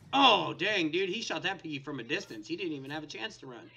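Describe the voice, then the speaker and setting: A young man hosting a gaming video, giving excitable casual commentary and shouting at the screen. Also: fairly high pitch, quick pace, gravelly, few pauses, husky.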